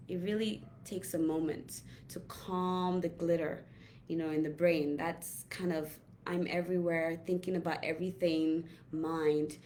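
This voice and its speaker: A woman holistic health coach giving a gentle, reflective talk with slow, drawn-out pauses. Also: fairly low pitch, vocal fry, slight background noise. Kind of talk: casual inspirational talk.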